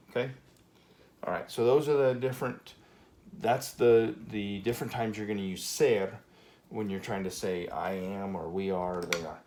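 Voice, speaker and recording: Low-voiced man teaching at a whiteboard. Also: normal speed, a little hiss or hum. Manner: relaxed, many fillers and okays. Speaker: Spanish teacher. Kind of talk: whiteboard grammar lesson.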